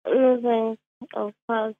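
A woman's voice: a little high, little pitch movement, takes it slowly, no echo. A woman on a phone call, giving short, guarded answers with some amusement. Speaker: prank call victim. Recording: tinny phone line.

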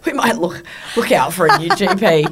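A woman's voice: on the low side, normal speed, very noisy. A middle-aged woman hosts a casual chat, telling stories with swearing and frequent laughter. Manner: animated storyteller, swears freely, laughs often. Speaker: podcast host.

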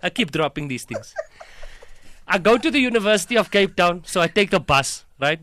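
A man's voice: high voice, lively intonation, fairly quick, pushed and bright, a little hiss or hum. A young South African man with a South African accent, telling comic stories and laughing often as he acts out voices. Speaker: comedian guest. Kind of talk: animated comic storytelling.

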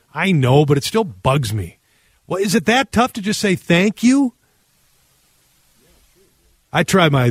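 A man hosts a call-in radio show. He jokes around and reads listener texts in a relaxed way. The studio sound is dry and close. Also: on the high side, dry recording. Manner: casual, joking, reads texts aloud. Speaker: radio host. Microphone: studio microphone.

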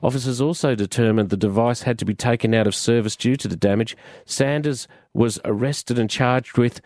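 A man's voice: mid-range voice, normal speed, darkish tone, dry recording, clean studio sound. A man hosting a radio show, joking and chatting with callers and co-hosts. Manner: wry, joking. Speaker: radio host. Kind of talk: casual radio banter.

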